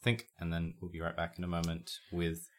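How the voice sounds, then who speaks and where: A woman's voice: rumbling low, completely flat delivery, brisk. A woman co-hosting a casual worldbuilding podcast, playful and teasing, who wanders off on tangents. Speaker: podcast co-host.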